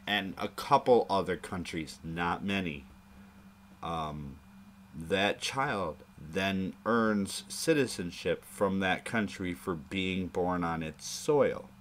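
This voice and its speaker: Slow, low-voiced man chatting on stream. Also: fairly bright tone, a little hiss or hum. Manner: rambling and crude, prone to chuckling asides. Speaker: streamer hosting a live chat show. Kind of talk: casual stream chat.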